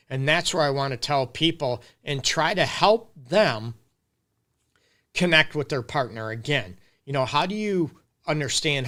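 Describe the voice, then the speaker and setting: With a mid-range, sharp-toned voice, this middle-aged man runs a casual live-stream advice Q&A as a relationship counselor. He's emphatic and addresses his viewers directly.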